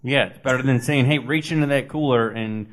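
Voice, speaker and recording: Brief: male co-host, mid-pitched, low-key, short replies in casual chat. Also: a little fast. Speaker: podcast co-host. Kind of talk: casual sports podcast chat.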